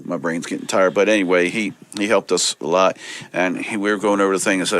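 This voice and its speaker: Low-voiced male guest, wrestling promoter, animated storyteller, dry sound. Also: fast, dry recording. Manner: animated, acts out quoted people. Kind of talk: casual storytelling.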